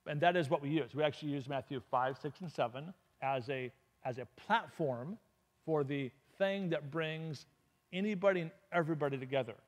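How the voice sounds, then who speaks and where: A man, somewhat high-voiced, addresses a church congregation as a guest speaker, spinning a humorous anecdote with lively energy. His voice rings out with the long reverb of a large church sanctuary. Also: normal speed. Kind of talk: storytelling talk to a congregation.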